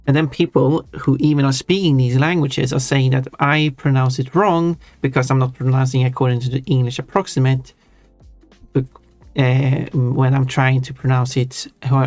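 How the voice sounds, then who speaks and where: A man's voice: medium pitch, no room sound. A man chatting casually on a stream while reading chat, rambling and often restarting his words. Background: soft chill music.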